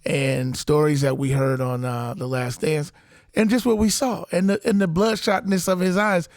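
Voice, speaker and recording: A man's voice: a little high, fairly even intonation, moderate pace, gravelly, no echo, clean studio sound. A middle-aged man co-hosting a podcast, casually laying out stories point by point in sports banter. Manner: storytelling, lays out points for and against, mimics voices. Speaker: podcast co-host.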